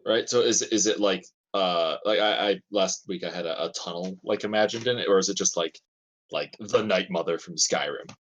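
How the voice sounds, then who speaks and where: A tabletop game player asking questions in a halting, casual way. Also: deep voice, dull audio, slight background noise. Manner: halting, full of restarts.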